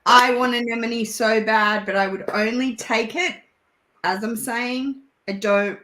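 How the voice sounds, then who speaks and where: A woman's voice: a little high, measured pace, reverberant. A woman with an Australian accent, chatting as a guest over a video call and telling stories with frequent laughter. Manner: chatty, animated storyteller who laughs often. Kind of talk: casual chat.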